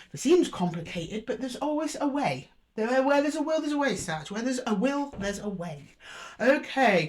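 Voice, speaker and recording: A woman giving an intuitive tarot reading, chatty and musing aloud as she speaks fondly to her listeners. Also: a little high. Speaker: tarot reader.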